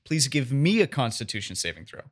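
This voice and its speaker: A man's voice: medium pitch, sing-song, brisk. A man narrating as game master of a tabletop game in a casual, descriptive way.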